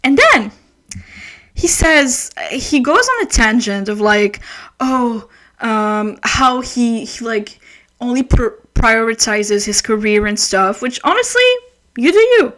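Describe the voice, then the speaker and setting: Ranting woman with a higher voice. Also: slow. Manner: ranting, swearing, animated asides. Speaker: book reviewer. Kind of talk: casual book review vlog.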